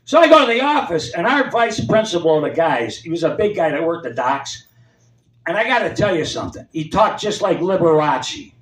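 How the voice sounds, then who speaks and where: An older male stand-up comic in his seventies, spinning rambling stories with a high, swooping voice. He picks up the quoted voices of the people in his tales. The sound is roomy and distant, caught from across a club. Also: big pitch swings, moderate pace, a bit bright. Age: 70s. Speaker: stand-up comedian. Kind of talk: stand-up storytelling. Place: comedy club stage.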